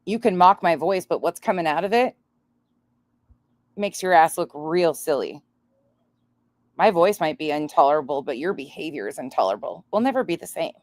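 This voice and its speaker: A woman's voice: deep voice, lively intonation, moderate pace, pauses often, a little mellow, no room sound. A woman from North Dakota with an upper Midwest accent and a nasal voice, giving blunt, profane reaction commentary on a stream. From North Dakota, raised in Montana.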